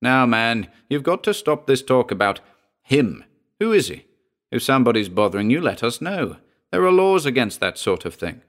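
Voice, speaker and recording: A man voicing a kindly, practical doctor who speaks in a soothing, measured way. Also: medium pitch, very animated, a bit bright.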